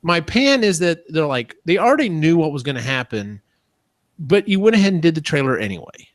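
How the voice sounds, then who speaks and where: A man's voice: on the high side, sing-song, a little fast, no room sound, studio quality. A man in his thirties hosting a casual podcast, rambling with many ums and restarts. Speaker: podcast host.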